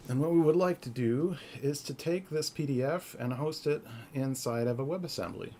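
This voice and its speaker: A man hosting a live-coding stream, talking in a halting, earnest, soft-spoken way with a gravelly voice. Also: a little high, slight background noise. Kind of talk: casual live-stream talk.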